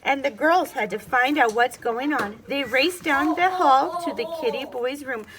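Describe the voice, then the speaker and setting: A preschool teacher reading a children's storybook aloud, animated and expressive, pausing to ask the child questions. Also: female voice, high voice, crowd noise.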